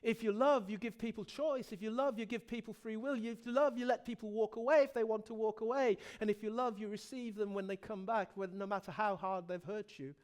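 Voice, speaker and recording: A man, the pastor of a church, preaching a sermon with passion, moving from loud emphasis to soft pleading and often repeating himself. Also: high voice, steady tone, brisk, few pauses. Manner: repeats words and restarts phrases.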